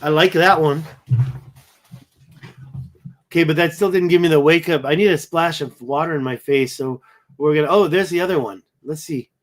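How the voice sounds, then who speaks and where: This man has a somewhat high voice and sounds worn out. He hosts a casual livestream and rambles, thinking aloud as he looks over pictures. He keeps wondering out loud and trailing off. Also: moderate pace, long pauses. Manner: rambling, thinking aloud while browsing photos. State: tired, yawning. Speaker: livestream host.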